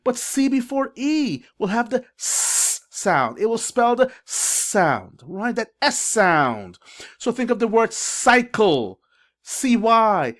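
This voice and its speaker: A middle-aged man coaches parents on reading in an instructional video, sounding out syllables and spelling rules with emphasis. His voice is extremely high, sing-song and fairly bright, and he takes it slowly. He seems to be in a classroom or school office.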